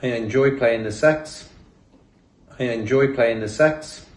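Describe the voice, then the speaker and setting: Slow New Zealand man reading words. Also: medium pitch, reverberant. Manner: slow, deliberate word-by-word reading. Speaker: cafe owner demonstrating pronunciation. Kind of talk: reading example words aloud.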